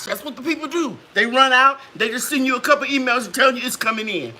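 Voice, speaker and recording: A woman hosting a casual live chat, telling stories in a lively, preachy way and acting out quotes. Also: sits high, fast talker, few pauses.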